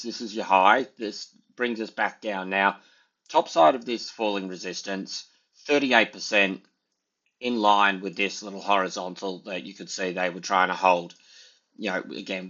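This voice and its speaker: A man's voice: on the low side, sharp tone. A man giving casual, rambling commentary over trading charts, full of filler phrases. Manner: rambling, full of "sort of" and "you know". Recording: dull lo-fi sound.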